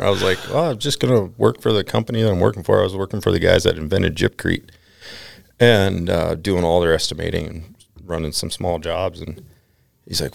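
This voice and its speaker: Low gravelly man telling stories. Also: brisk, dry recording. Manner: animated storyteller, quotes people in mock voices, swears freely. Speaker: podcast guest. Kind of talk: casual podcast chat.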